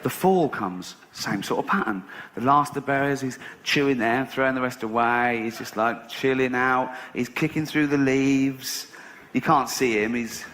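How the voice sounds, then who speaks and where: A man's voice: medium pitch, moderate pace, fairly bright tone. A man doing stand-up, telling a long story with sardonic asides and plenty of swearing. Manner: sardonic, swears freely, mock-innocent storytelling. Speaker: stand-up comedian.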